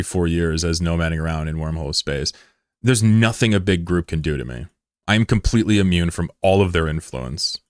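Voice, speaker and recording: A low-voiced man banters loosely with his stream chat while he plays. He jokes, swears freely and keeps a relaxed tone. His voice is dry and close, with no room sound. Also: no room sound. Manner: joking, profane, laid-back banter. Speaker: game streamer. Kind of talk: casual live-stream chat with viewers.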